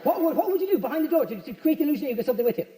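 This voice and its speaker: A man doing a stand-up routine, riffing quickly with the crowd in a large venue. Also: very high voice. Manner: rapid, animated, riffing with the crowd. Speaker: stand-up comedian. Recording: echoey hall from far off.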